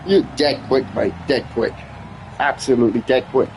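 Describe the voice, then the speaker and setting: A man chatting excitedly on a live game stream, swearing freely and trading teasing banter with his friends. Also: mid-range voice, normal speed, creaky, slight background noise. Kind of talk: live-stream gameplay chat.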